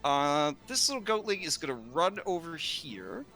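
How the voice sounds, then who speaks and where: A man narrating a tabletop game as game master, slow and rambling with many fillers. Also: on the high side, very animated, bright, forceful tone, faint music behind.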